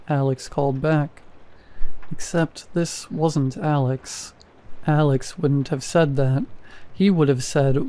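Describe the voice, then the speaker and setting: A man narrating a first-person horror story in a measured, even way. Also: a little high.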